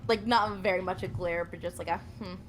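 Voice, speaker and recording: A woman's voice: on the low side, brisk, slight background noise. A woman player speaking in character in a tabletop game, laughing often. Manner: lively, laughs often, soft-spoken. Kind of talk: in-character tabletop role-play.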